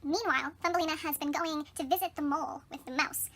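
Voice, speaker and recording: A young woman gives a breezy, chatty synopsis of a film and acts out the characters as she goes. Her voice is high and bright, and she races along. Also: quick pace, slight background noise. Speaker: book and film vlogger.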